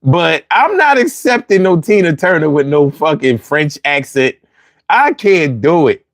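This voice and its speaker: A man hosting a call-in talk show in AAVE, animated and joking with plenty of profanity. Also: fairly high pitch, measured pace, no room sound, clean studio sound.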